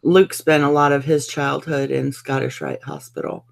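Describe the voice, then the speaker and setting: A woman in casual conversation, relaxed and reassuring. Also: a bass voice, moderate pace, vocal fry. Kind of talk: casual chat.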